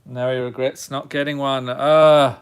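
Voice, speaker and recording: Slow-talking man with a Chicago accent. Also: mid-range voice, clean tone. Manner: reads card names in a steady list, then chats with viewers. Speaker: streamer opening card packs for patrons. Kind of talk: casual live-stream chat.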